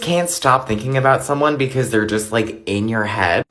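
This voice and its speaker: A man's voice: mid-range voice, normal speed, a bit bright. A young man delivering a profane, exaggerated comedic rant monologue.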